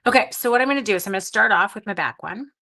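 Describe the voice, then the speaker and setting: A woman runs a live card-making stream, chatting casually as she works, greeting viewers, answering their comments, and often half talking to herself. Her medium-pitched voice is expressive, very fast, creaky, bright, and forceful.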